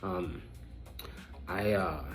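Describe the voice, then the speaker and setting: A man with a fairly low voice speaks straight to his listeners as a podcast host. His talk is blunt and preachy, looping back on the same phrases. He sounds manic and scattered, with soft music playing faintly underneath. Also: very slow. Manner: repetitive, emphatic, jumps between thoughts. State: manic, disorganized thoughts. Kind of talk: casual monologue to viewers.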